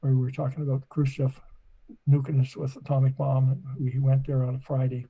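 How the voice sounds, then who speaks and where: A man's voice: mid-range voice, level tone, a little fast, dark tone, slightly rough, rough recording. A man in his eighties from Nova Scotia, a podcast guest chatting casually and telling long, rambling stories. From Nova Scotia, Canada. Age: 80s. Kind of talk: casual conversation.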